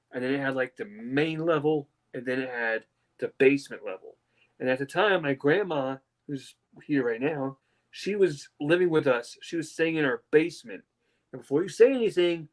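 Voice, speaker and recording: A young man co-hosting a casual wrestling podcast, an animated storyteller who slips into mocking fake-crying voices. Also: mid-range voice. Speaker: podcast co-host.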